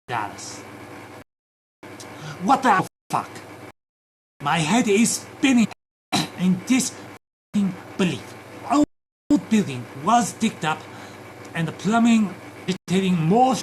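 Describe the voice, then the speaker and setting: Guy ranting and cussing on a stream, slow draggy talk, faint noise behind. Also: sits high. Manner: loud swearing rants, mutters to himself. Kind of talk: profane ranting stream chat.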